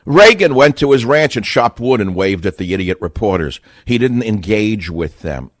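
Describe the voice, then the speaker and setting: A man's voice: lowish voice, expressive, normal speed, no room sound. A man hosting a talk radio monologue, combative and sarcastic, speaking with heavy emphasis into a close studio mic. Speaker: radio talk show host.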